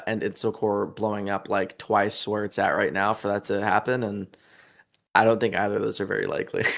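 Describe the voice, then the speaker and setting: Young guy, low, vocal fry, loose and sweary interview talk. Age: young adult. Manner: laid-back, profane, laughs often. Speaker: musician being interviewed. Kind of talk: casual interview.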